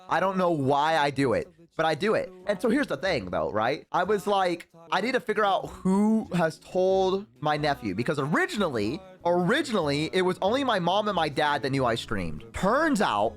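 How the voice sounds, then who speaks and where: A man in his twenties, a VTuber streamer, telling a story in casual stream chat, animated and rambling with lots of swearing. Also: a little high. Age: 20s.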